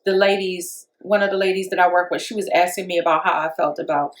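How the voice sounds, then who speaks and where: A woman's voice: quick pace, roomy sound, low-quality recording. A woman co-hosting a podcast, chatting casually and acting out quotes as she tells stories. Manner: animated storyteller, acts out quotes with rising pitch. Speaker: podcast co-host. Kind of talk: casual discussion.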